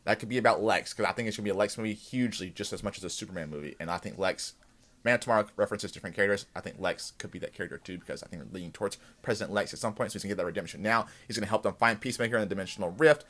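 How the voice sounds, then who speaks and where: Excited man recapping a TV episode. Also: lowish voice, very fast. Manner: excited storytelling recap, acts out characters' lines. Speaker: host of a TV after-show. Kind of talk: casual episode recap review.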